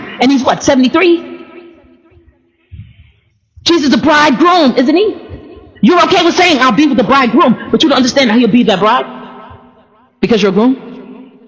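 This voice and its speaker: A woman preaching a sermon, blunt and playful, stumbling over repeated words as she builds her point. Her voice carries a long reverb, the sound of a large hall. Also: fairly high pitch. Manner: blunt, joking, repeats words while searching.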